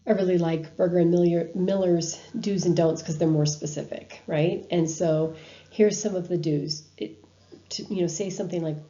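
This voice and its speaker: A woman's voice: on the low side, steady tone, normal speed, dark tone, lo-fi sound. A woman giving a recorded university lecture over slides, talking in a conversational way with frequent ums and restarts. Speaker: university instructor.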